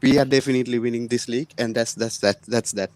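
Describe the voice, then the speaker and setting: A man calls in to a football fan show and talks boastfully and with confidence. He speaks at a middle pitch, and the recording sounds dry and close. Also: steady tone, quick pace, a little mellow, no echo. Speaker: caller. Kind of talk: call-in fan chat.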